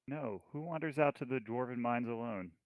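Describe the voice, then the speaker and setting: A man's voice: mid-range voice, moderate pace, no room sound, highs cut off, natural voice. A man voicing a small, bold female adventurer who bluffs her captors. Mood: cheeky. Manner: cheeky, bluffing.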